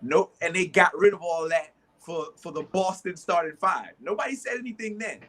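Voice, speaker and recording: Casting note: New man in his thirties, bright slightly high voice, a passionate storyteller who repeats and restarts a lot. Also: lively intonation, normal speed. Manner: storytelling with many restarts, acts out both sides of arguments. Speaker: sports talk show co-host. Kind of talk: animated storytelling in casual chat.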